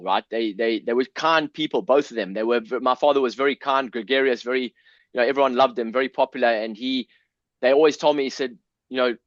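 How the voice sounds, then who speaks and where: A man's voice: mid-range voice, no room sound. Earnest South African man, dull dry sound. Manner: earnest, emotional, swears, frequent restarts. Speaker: podcast guest. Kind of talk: candid personal storytelling.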